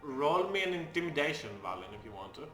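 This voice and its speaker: A man running a tabletop game as dungeon master, with many pauses and fillers. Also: on the high side, big pitch swings, a bit bright, reverberant, soft background music.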